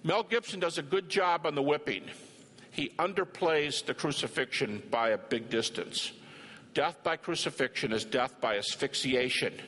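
A man's voice: fairly high pitch, normal speed, fairly bright tone. An older man preaching a sermon, emphatic and dramatic, telling a personal story and acting out dialogue. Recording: reverberant hall with faint ambience.

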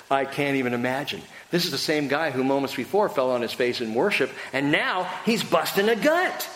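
A middle-aged man preaching a sermon as pastor, conversational and animated, laughing easily and acting out voices. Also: mid-range voice, moderate pace. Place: church hall. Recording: echoey hall with faint noise.

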